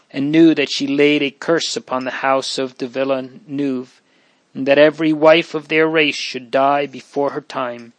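A man narrating a period novel in a measured, even storytelling voice. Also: medium pitch, no room sound. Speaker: audiobook narrator.

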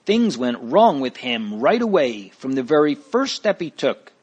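A man's voice: medium pitch, very animated, measured pace, slightly rough. A man reading a story aloud, voicing a fearful neighbor woman who scolds and pleads in a raised voice. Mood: scolding.

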